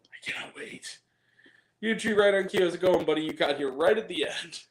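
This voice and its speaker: Male movie reviewer host, exasperated and profane, slightly high-pitched voice, echoey room. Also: brisk. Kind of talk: casual spoken movie review.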